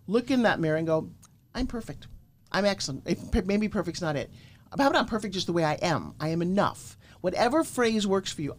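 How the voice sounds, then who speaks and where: A middle-aged woman from Florida, a guest pitch coach telling motivational stories emphatically and acting out quoted lines. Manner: emphatic, animated, acts out quotes. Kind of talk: energetic motivational storytelling.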